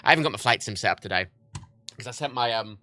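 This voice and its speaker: Guy chatting on his stream, all over the place pitchwise, swears a lot, keeps restarting sentences. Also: lively intonation, quick pace, pushed and bright. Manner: rambling, profane, self-interrupting. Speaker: livestreamer. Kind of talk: casual rambling chat.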